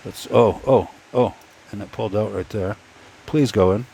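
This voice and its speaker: A man's voice: fairly low pitch, moderate pace, gravelly, mellow, breathy edge. A man casually telling a story while tinkering with a 3D printer, rambling and stop-start, talking to himself as he works. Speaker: 3D printing YouTuber. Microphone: phone.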